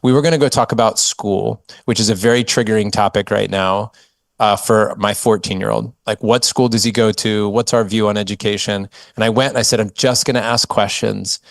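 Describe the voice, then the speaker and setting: A middle-aged man hosts a podcast and speaks earnestly, openly admitting his own struggles. His voice sits low. It is recorded close and dry. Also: steady tone, fairly quick, gravelly, dry recording. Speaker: podcast host. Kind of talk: conversational interview.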